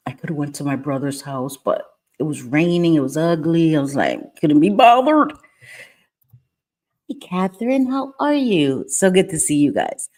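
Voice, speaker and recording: A woman's voice: low-pitched, darkish tone. A middle-aged woman of Puerto Rican heritage hosting a casual live stream at home, chatting, greeting viewers by name and keeping her voice down.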